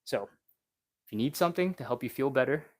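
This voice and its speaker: Male live-stream stretch coach, fast-talking and upbeat, slightly out of breath, mid-pitched. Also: lively intonation. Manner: chatty and encouraging, talks fast and rambles. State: a little out of breath. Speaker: stretching instructor.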